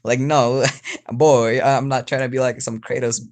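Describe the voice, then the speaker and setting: A man's voice: mid-range voice, flat delivery, normal speed. A young man host rambling through a made-up story in casual chat, swearing and full of fillers. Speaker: channel host.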